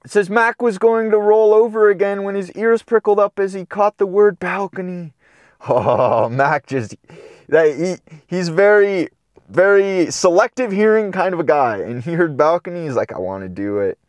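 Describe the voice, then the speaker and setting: A man's voice: high-pitched, normal speed, dry recording. A man reading a children's storybook aloud, breaking off for chatty, playful commentary. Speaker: storybook reader. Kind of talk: casual read-aloud with commentary.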